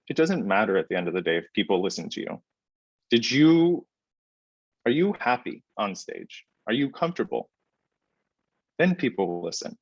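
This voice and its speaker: A low-pitched man speaking as a podcast guest, easygoing and conversational. He leans on fillers and uses deliberate pauses. The recording is dry and a bit dull. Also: dry recording. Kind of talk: conversational interview answers.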